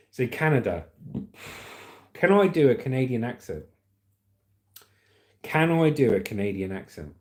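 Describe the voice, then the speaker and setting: A man's voice: on the high side, lively intonation, measured pace, pauses often, a little mellow. A man hosting a casual livestream, reading chat comments aloud and laughing often. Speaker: livestream host.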